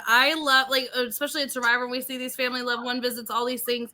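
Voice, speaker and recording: A woman co-hosting a podcast in casual chat, gushing and animated, laughing often. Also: on the high side, fast talker, hardly any pauses. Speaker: podcast co-host.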